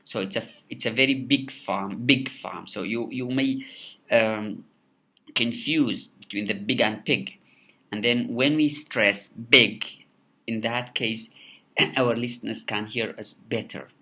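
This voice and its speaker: Slow, halting male teacher. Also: mid-range voice, pushed and bright. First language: Kurdish. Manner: halting, many repeated words and fillers. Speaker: English teacher. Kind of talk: recorded lecture.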